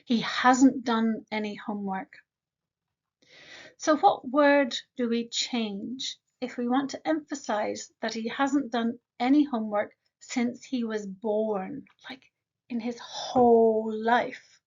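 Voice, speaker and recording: A woman with a fairly high voice leads a grammar lesson, speaking each example sentence slowly and with care. She often turns straight to the learner with quick questions. The audio sounds dull and lo-fi. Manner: slow, deliberate modeling of example sentences. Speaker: English grammar teacher.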